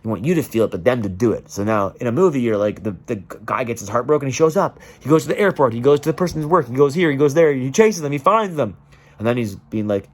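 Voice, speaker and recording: A man's voice: medium pitch, lively intonation, quick pace. A man delivering an emotional, profane rant straight to camera and acting out the voices of the people he quotes. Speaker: vlogger.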